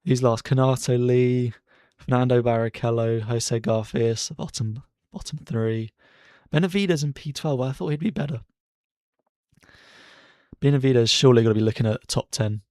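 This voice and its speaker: A man streaming casual live race commentary from his bedroom, chatty and excitable as he cheers drivers on. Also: medium pitch, normal speed, no echo, studio quality. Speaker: streamer hosting a racing watchalong. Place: bedroom at home.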